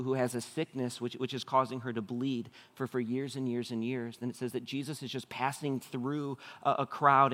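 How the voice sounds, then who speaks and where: Animated pastor preaching in a hall. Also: male voice, mid-range voice. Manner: animated storytelling, acts out quoted voices. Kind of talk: sermon.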